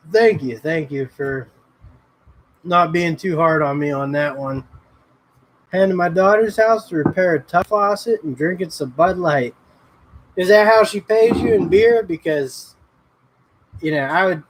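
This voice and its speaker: Slow, laid-back livestream host, man. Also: high voice, slight background noise, poor audio. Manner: laid-back, rambling, greets viewers by name. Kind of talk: casual livestream chat reading comments.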